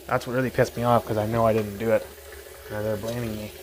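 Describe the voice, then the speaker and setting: A man's voice: lowish voice, level tone, quick pace, slight background noise. A young man on a casual livestream, telling a rambling, profane story about being wrongly blamed, speaking into a phone at home. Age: young adult. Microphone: phone livestream mic.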